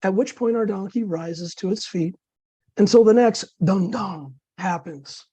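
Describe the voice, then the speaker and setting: A man with a scratchy voice from dysphonia, reading his own absurd flash fiction in a dry, deadpan way over a video call. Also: sits high, measured pace, breathy edge, no room sound.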